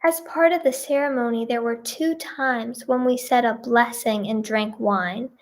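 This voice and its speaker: Slow-talking, giggly woman reacting. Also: a little high, fairly even intonation. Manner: giggly and exclamatory, repeating reactions. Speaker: singer and video creator. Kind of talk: casual reaction commentary, reading posts aloud.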